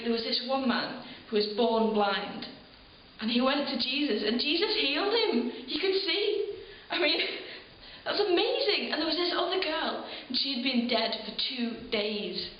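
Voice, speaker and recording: A woman's voice: on the high side, close to an everyday voice. A woman playing an ordinary townswoman who tells her eyewitness memory of the crucifixion as an earnest, emotional monologue, with small laughs and sighs. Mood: wondering. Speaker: eyewitness in a church program video. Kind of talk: dramatic first-person monologue. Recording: very echoey room, dull sound, faint hiss.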